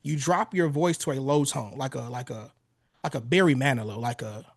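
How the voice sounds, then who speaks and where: A man's voice: mid-range voice, fairly quick, no echo, clean studio sound. A man in his thirties, a relationship coach giving blunt, casual advice on a podcast and swearing freely. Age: 30s.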